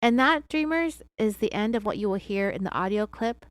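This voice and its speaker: A woman's voice: mid-range voice, expressive, moderate pace, clean tone, dry recording. A woman hosting a true crime podcast, retelling an interrogation with sarcastic, opinionated asides. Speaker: podcast host.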